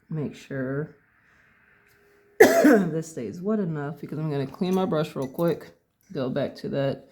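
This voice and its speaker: A painting instructor with a gravelly, mid-range voice calmly walks through a tutorial step by step, thinking aloud and correcting their own wording along the way.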